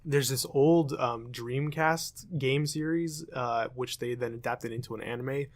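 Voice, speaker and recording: A man's voice: mid-range voice, a little slow. A young man co-hosting a podcast, explaining things in a hesitant, casual way with many fillers. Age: young adult. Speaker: podcast co-host. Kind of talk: casual chat.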